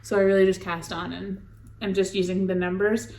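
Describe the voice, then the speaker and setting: A woman's voice: medium pitch, level tone, brisk, a little mellow. A woman co-hosting a podcast, chatting casually and rambling about her knitting, often laughing. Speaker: podcast co-host. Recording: echoey room.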